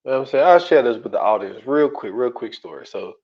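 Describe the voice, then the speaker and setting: A man co-hosting a podcast in casual chat, telling stories in loose, slangy, animated speech. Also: medium pitch, quick pace, slightly rough. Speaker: podcast co-host. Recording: dull lo-fi audio.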